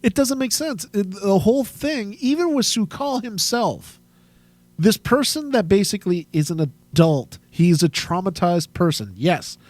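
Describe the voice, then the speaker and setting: A man's voice: sits high, lively intonation, a little slow, a little mellow, no room sound. A man co-hosting a casual TV review podcast, agreeing and chuckling along with his partner. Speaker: podcast co-host.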